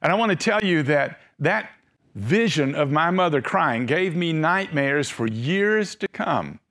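A middle-aged male preacher delivering a sermon, telling stories and slowing down and softening at emotional moments. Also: fairly high pitch, lively intonation. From Tennessee.

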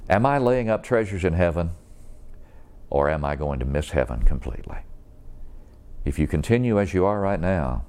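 Earnest and deliberate, a man delivers an evangelistic sermon, challenging listeners with probing questions. His voice is low, deep, and darkish in tone.

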